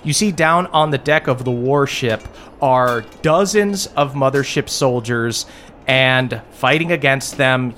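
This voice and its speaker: A man's voice: mid-range voice, a bit bright, slight background noise. A man narrating a tabletop game as game master, descriptive and using many filler words.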